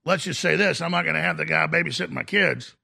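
A man's voice: on the high side, quick pace, creaky, pushed and bright, husky. A man hosting a talk radio show, delivering an indignant, mocking rant. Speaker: radio host.

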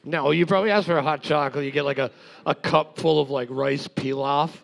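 Gravelly wisecracking man. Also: on the high side, steady tone, a little fast, a bit bright. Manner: dry, wisecracking. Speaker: co-host. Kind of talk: casual banter.

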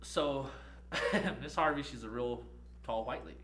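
Bright-voiced young man telling a rowdy story. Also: medium pitch, unhurried, a little hiss or hum. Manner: profane, animated, laughing storyteller. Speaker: podcast co-host. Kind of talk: casual storytelling chat.

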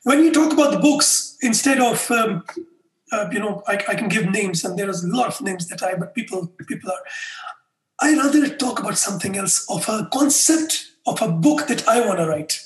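A man being interviewed, telling anecdotes in an animated way and acting out the dialogue. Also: high-pitched, moderate pace. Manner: animated storyteller who acts out dialogue. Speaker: interview guest, customer experience faculty member. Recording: echoey room.

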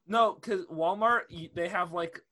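A young man chatting on a casual podcast, his voice high and bright. He tells stories with a lot of energy, laughing often and cursing freely. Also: measured pace. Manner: animated storyteller, laughs often, swears freely. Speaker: podcast co-host.

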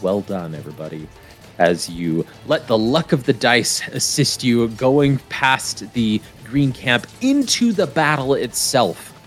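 A man narrating as game master of a tabletop game, relaxed and rambling. His voice swings widely in pitch as he describes the scene. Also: a little slow, faint music behind. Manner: casual, many fillers and restarts.

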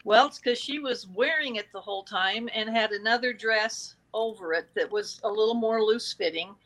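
A woman with a fairly high voice, speaking at normal speed, animatedly tells a true-crime story in casual conversation. She acts out the quoted exchanges from the record, and the audio quality is poor.

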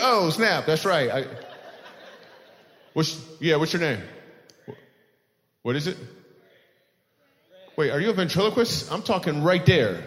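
Playful stand-up comic in a reverberant hall. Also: male voice, on the high side. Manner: teasing, playful, laughs often. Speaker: stand-up comedian. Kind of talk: crowd work on stage. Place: live comedy venue.

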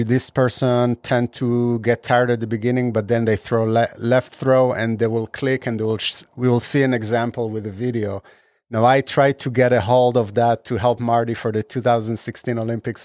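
A man hosting a casual panel discussion, talking in halting phrases with frequent restarts. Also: medium pitch, a little mellow, no room sound, studio quality. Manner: halting, restarts often, says "like" a lot.

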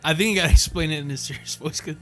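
A young man co-hosting a casual podcast, laid-back and laughing, with quick crude quips. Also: on the high side, slight background noise. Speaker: podcast co-host.

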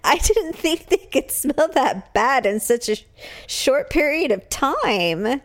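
A woman's voice: high-pitched, sing-song, takes it slowly. A woman in her forties chatting casually with her sister on a podcast, talking in an easygoing, hesitant way about her kids. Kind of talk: casual chat with a sibling.

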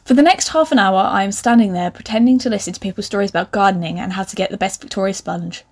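A woman in her twenties with an animated, laughing manner, reading out her old writing and mocking it with sarcastic asides. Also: medium pitch, quick pace. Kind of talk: comic reading with commentary.

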